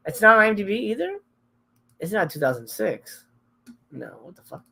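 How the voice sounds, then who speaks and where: A man's voice: sits high, lively intonation, brisk, gravelly, bright, forceful tone. A middle-aged man hosting a live stream in casual chat, reading out viewer comments. He talks candidly and emotionally, swears often, and trails off and restarts his sentences.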